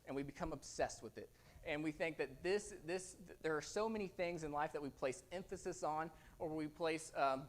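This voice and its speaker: A young man preaching a sermon as a visiting speaker, conversational and earnest, often repeating words for emphasis. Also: on the high side. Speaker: guest preacher.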